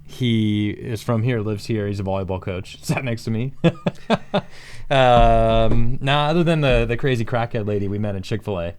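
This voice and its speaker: A man's voice: fairly low pitch, moderate pace, hardly any pauses, darkish tone, clean tone. A man co-hosting a podcast, rambling through a story with fillers and laughs in a casual chat. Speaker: podcast co-host.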